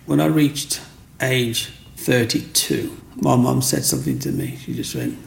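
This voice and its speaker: At a normal pace and mid-range pitch, this English man with a gravelly voice tells his life story to an interviewer, bringing it alive by performing other people's lines. Slight background noise can be heard.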